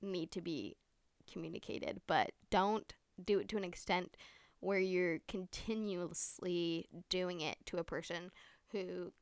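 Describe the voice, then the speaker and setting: A woman's voice: lowish voice, steady tone, measured pace, clean tone, no echo. A young woman hosting a casual solo podcast at home, rambling through her thoughts with lots of fillers and casual swearing. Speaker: podcast host. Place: room at home with window open.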